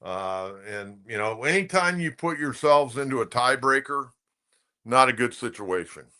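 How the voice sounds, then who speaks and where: Older male sports-radio host, bright, chatty, opinionated storyteller. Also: medium pitch, animated, normal speed. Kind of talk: casual sports talk commentary.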